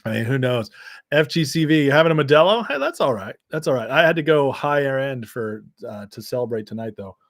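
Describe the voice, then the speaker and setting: Brisk and animated at medium pitch, this American live-stream host laughs through sarcastic, mocking commentary on clips and chat. There's no room sound, just a clean studio feel.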